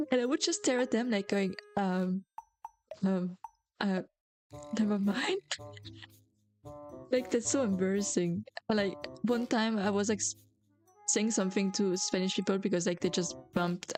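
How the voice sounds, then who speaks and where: A woman's voice: medium pitch, darkish tone. Giggly rambling young woman streamer. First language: French. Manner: rambling and chatty, heavy filler words, giggly. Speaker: VTuber streamer. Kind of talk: casual chat stream.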